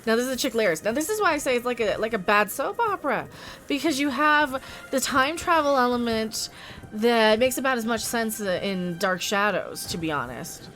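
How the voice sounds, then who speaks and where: A woman's voice: a little high, lively intonation, moderate pace, a bit bright. A woman co-hosting a casual show, blunt and exasperated as she talks. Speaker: co-host. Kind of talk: casual podcast chat.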